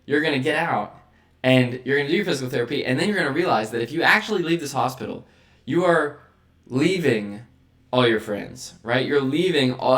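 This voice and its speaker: A man's voice: medium pitch, fairly bright tone. A man hosting a vlog, talking through a motivational monologue and checking in with the listener by asking "right?" again and again. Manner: rhetorical, checks in with frequent "right?" tags. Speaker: vlog host.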